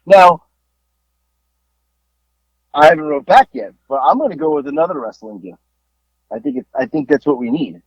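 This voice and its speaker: A man co-hosting a podcast, telling a story in a casual, animated way and acting out the people he talked to on the phone. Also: on the high side, normal speed, creaky, pauses often, slightly rough, no echo. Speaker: podcast co-host. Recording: dull lo-fi dry sound.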